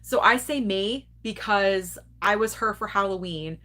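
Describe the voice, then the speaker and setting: Woman around forty, livestream movie club host; candid, chatty, quick to laugh, mid-pitched. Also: sharp tone. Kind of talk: casual livestream chat, reading viewer comments.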